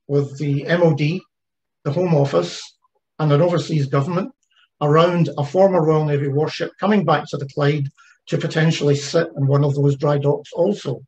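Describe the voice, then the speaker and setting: A man's voice: a little high, darkish tone, lo-fi sound. A man giving an online presentation about a heritage ship project, talking conversationally with frequent fillers and restarts. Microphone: video call.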